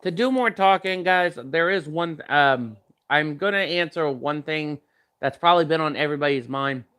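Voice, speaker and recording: A man's voice: a little high, normal speed, fairly bright tone, clean tone. A young man chatting casually while tasting snacks, rambling with many fillers and talking with his mouth full. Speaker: vlogger.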